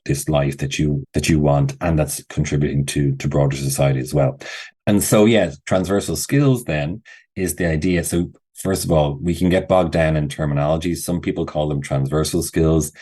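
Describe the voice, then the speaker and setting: A very deep, husky-voiced man speaks as a guest on an education podcast. He talks thoughtfully and often restarts his sentences while he works out his ideas. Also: dark tone. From Ireland. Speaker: university skills director, guest. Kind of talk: podcast interview.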